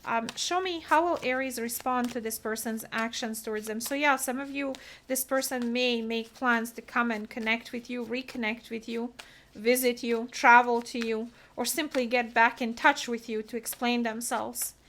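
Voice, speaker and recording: A woman's voice: fairly high pitch, fairly even intonation, normal speed, a bit bright, slight background noise. Earnest woman reading tarot cards. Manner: earnest, emotional, talks through card meanings. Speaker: tarot reader. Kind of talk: solo tarot reading to camera.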